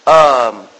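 A man's voice: very high-pitched, background noise. A man preaching a sermon in a conversational way, quoting scripture and putting questions to the congregation. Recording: long reverb of a large hall.

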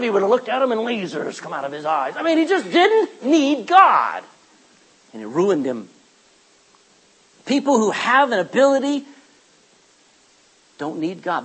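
A middle-aged man preaches with a husky, slightly rough edge to his voice. His pitch rises and falls in wide swings as he reads scripture and acts out short asides. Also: low-quality recording. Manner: animated, quoting scripture and acting out asides. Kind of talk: sermon.

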